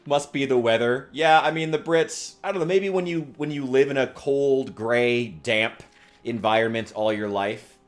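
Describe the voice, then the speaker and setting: A man streaming a game, chatting casually in a rambling, joking way, with frequent profanity and restarts. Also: on the low side. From United States. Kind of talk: casual gaming stream chat.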